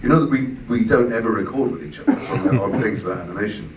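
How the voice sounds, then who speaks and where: A man on a film panel answering audience questions in articulate, measured explanations. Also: on the low side, background noise. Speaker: voice actor on a panel. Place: screening venue. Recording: echoey hall, distant mic.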